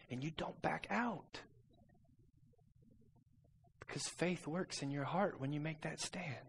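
A man preaches a sermon and tells a personal story, swinging from soft, intimate passages to loud, urgent ones. His voice is medium-pitched, with a little hiss or hum in the recording.

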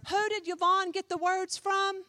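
A woman pastor preaching a sermon, emphatic, firing rhetorical questions and swinging from loud to hushed. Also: very high-pitched, little pitch movement, normal speed, no room sound.

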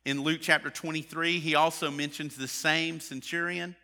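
A man's voice: a little high, fairly even intonation, moderate pace, bright, forceful tone. A man preaching a sermon in a conversational way, with many fillers and restarts. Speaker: pastor.

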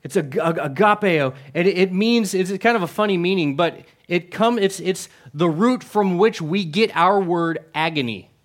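High-voiced male pastor preaching conversationally. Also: normal speed, hardly any pauses. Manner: conversational, asks the audience questions, repeats words. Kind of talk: sermon.

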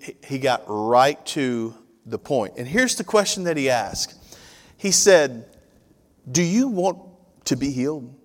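A man preaching a sermon as pastor, conversational and joking with his congregation. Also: mid-range voice. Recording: long hall reverb.

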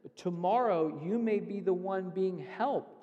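A man's voice: sits high, unhurried, big-room sound, muffled recording. A man preaching a sermon as pastor, earnestly explaining scripture step by step. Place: church sanctuary.

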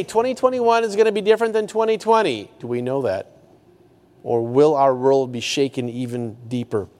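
Man preaching in an echoing hall. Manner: dynamic preaching, rising to high emphatic peaks and dropping to hushed low lines. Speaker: pastor. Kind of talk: sermon.

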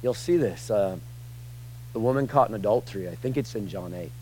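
A male pastor preaching a casual sermon in church, joking with the room and swinging from quiet asides to loud, emphatic lines. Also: fairly low pitch, brisk, slight background noise, rough recording.

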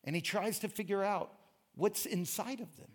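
A man giving a sermon lecture, telling stories and reading quotes with lively emphasis. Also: sits high, normal speed. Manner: animated storytelling, reads quotes with emphasis. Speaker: pastor.

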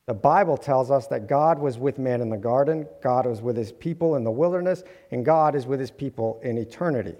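A man's voice: medium pitch, brisk, few pauses, mellow. A man delivering an earnest sermon to his congregation, with light humorous asides. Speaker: preacher. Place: church sanctuary. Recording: long hall reverb.

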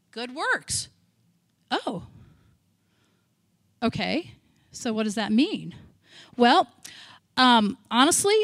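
A middle-aged American woman gives a sermon at a church service, slightly high-pitched, with candid, self-deprecating humor. She acts out her old prayers and worries in quoted asides, and her voice is recorded close and dry. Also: no room sound. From United States. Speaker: missionary speaker.

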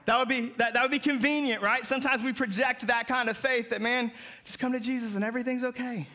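A man's voice: very high voice, fairly even intonation, quick pace, bright, forceful tone. A male pastor preaching a sermon, calling on the congregation to respond and rising to emphatic peaks.

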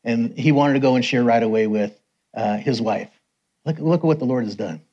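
Husky man telling sermon stories. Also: brisk, lo-fi sound. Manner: animated storyteller, raises pitch for quoted voices. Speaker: missionary preacher. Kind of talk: sermon testimony storytelling.

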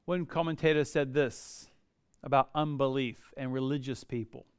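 A pastor delivering a sermon, building to emphatic outbursts and slowing on key phrases. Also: male voice, medium pitch, steady tone, smooth, dry recording, studio quality. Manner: preaching with rising emphatic outbursts and slow drawn-out key phrases.

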